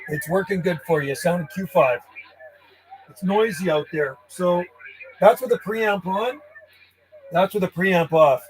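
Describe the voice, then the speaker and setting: A man's voice: sits high, unhurried, pauses often, slight background noise. A man chatting casually over the radio with distant contacts, rambling and friendly while logging them. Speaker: ham radio operator.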